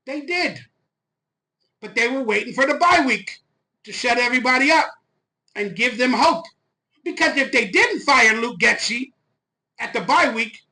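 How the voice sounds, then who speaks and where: A man hosting a fan channel, ranting loud, fired-up and profane on a live stream into a phone. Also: extremely high pitch, low-quality recording.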